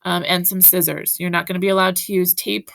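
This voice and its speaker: A woman's voice: lowish voice, little pitch movement, brisk, vocal fry, fairly bright tone. A woman teacher giving a recorded video lesson, speaking directly to her students in an encouraging way. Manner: encouraging, talks directly to students with frequent "right?".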